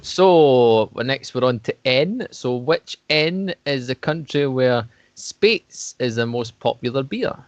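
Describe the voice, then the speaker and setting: A man's voice: mid-range voice, lively intonation, slow pace, few pauses, no room sound. A man hosting a podcast quiz in casual chat, swearing freely and teasing the others. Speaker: podcast host running a quiz. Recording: dull lo-fi dry sound.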